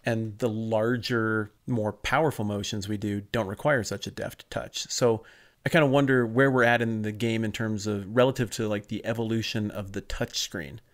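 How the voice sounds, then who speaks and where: A man's voice: on the low side, steady tone, moderate pace. A man co-hosting a podcast, chatting casually with a dry, teasing humor. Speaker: podcast co-host. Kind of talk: casual chat.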